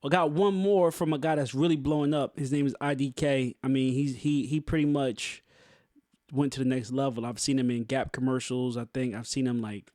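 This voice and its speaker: A man's voice: medium pitch, steady tone, moderate pace, a little mellow, no echo, clean studio sound. A man hosting a podcast in casual chat, laid-back and slangy, with many fillers and restarts. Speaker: podcast host.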